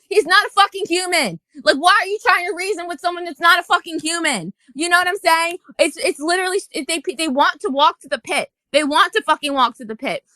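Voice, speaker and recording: A woman on a live audio room, venting in a heated, profane rant. Her voice sits a little high and sounds bright and forceful. The sound is dry and close, with no room around it. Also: no room sound. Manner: angry, profane, heated ranting. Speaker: host. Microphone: phone or headset in a live audio room.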